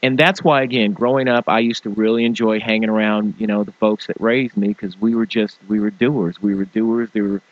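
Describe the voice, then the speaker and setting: A man's voice: fairly low pitch, fairly quick, hardly any pauses, no room sound. Guy ranting on his talk show, motivational stuff, does funny voices, dull dry lo-fi audio. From small-town farming family. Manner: animated, mimics people in funny voices. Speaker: show host.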